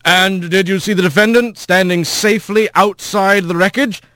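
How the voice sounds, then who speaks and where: A man's voice: sits high, steady tone, moderate pace, bright, forceful tone, dry recording, clean studio sound, pitched above the performer's own voice. A man voicing a male animal prosecutor who asks formal, leading questions.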